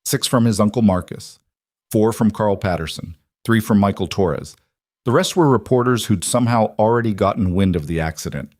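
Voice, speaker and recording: A man narrating a scripted dramatic story in a steady, even manner. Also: lowish voice, moderate pace, dry recording, studio quality.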